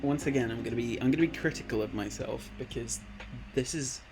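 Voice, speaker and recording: A Twitch streamer in his late twenties talks live over background music, his medium-pitched voice moving a little fast. He's laid-back and rambling, reading viewers' chat messages aloud and calling people "man" and "bud."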